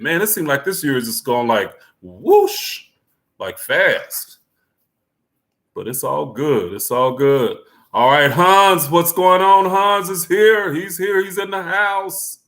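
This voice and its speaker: A man's voice: a little high, animated, unhurried, a bit bright. A man, chatting casually with his viewers as a live-stream host in a laid-back, talkative way and laughing often. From United States. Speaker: livestream host greeting viewers.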